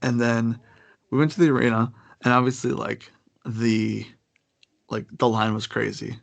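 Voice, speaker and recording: Young man, gravelly voice, dry close sound, casual rambling storytelling, many fillers. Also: medium pitch, flat delivery, measured pace, dry recording. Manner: rambling, full of fillers and restarts.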